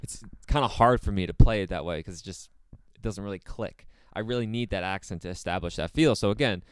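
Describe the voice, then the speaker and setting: A man with a smooth, clear, fairly low voice talks through a drum lesson in a laid-back, conversational way. His sound is dry and close, with no room ring. He often circles back with fillers as he explains. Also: a little fast, no echo. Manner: relaxed, repeats himself, many fillers. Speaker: drum teacher. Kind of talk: casual instructional talk.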